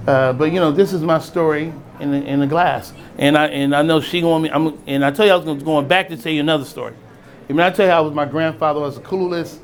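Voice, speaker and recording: A middle-aged man from East Oakland telling a personal story in a casual, animated way, acting out the voices of people he quotes and chuckling often. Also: a little high, a little hiss or hum. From East Oakland, California. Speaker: storyteller and spirits brand founder.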